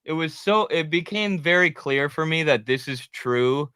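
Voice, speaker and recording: A man with a bright, crisp voice chats animatedly on a political talk show. His tone is clear and forward, recorded close and dry. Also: on the high side, measured pace, no room sound. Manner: animated, acts out quotes with laughs. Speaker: co-host.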